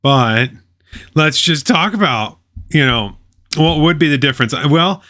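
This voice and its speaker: A man's voice: a little high, lively intonation, measured pace, bright, forceful tone. A man reading a web page aloud and commenting on it, with sarcastic, mocking asides.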